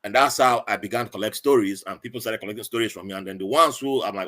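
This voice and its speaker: A man's voice: fairly low pitch, fast, few pauses. A man, telling stories in a casual podcast chat. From Nigeria. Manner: animated, acts out quoted voices. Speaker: podcast guest.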